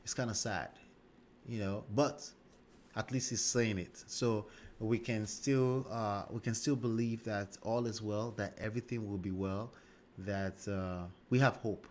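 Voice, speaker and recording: A man's voice: lowish voice, steady tone, measured pace, a little hiss or hum. Emphatic man hosting a livestream. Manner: emphatic, repeats "okay?" and "right?". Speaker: livestream host. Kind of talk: livestream commentary.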